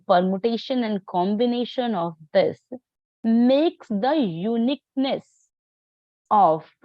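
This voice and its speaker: Halting woman teaching astrology, dull dry sound. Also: medium pitch, no echo. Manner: halting, many fillers and restarts. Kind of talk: live online class lecture.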